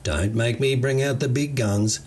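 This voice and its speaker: A man's voice: medium pitch, a little slow, darkish tone, slight background noise, pitched above the performer's own voice, close to an everyday voice. A man voicing an easygoing, unflappable Australian gardener with a drawling, slangy way of talking. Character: laid-back Australian gardener, unflappable bloke.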